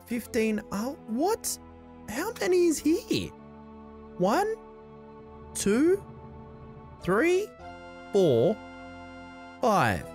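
A woman hosting gameplay commentary with comic skits, chatty and excitable with plenty of slang. Her voice sits on the lower side and rises and falls in lively swings. Faint music runs underneath. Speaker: gaming channel host.

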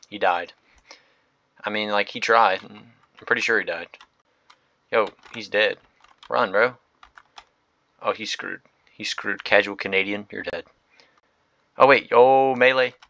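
A young man narrating a game as he watches it, excitable and slangy, jumping from loud shouts to quiet muttering. His voice sits fairly low but has a bright, forceful edge. The recording is dull and lo-fi. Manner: excitable, slangy, reactive, swings from loud outbursts to mumbled asides. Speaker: gaming video host. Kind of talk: live gameplay commentary.

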